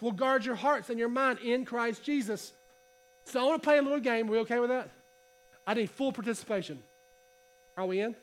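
A man preaching a casual sermon to a congregation, reading scripture and talking in a conversational, animated way. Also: extremely high pitch. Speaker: pastor. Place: church hall.

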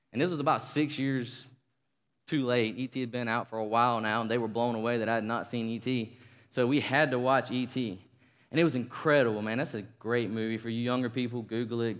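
A man preaching a sermon, telling a story in an animated, conversational way. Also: mid-range voice, in a large hall. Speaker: pastor.

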